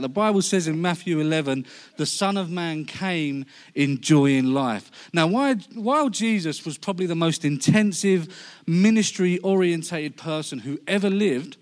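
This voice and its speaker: Jokey Cockney man preaching. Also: a little high. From London. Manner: jokey, lively delivery. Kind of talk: humorous sermon.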